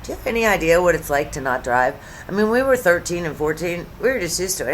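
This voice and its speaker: Low-voiced chatty woman in her fifties. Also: lively intonation, fast talker, slight background noise. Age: 50s. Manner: chatty, sarcastic, digressive. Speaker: YouTube commentary host. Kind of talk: casual rambling commentary to camera.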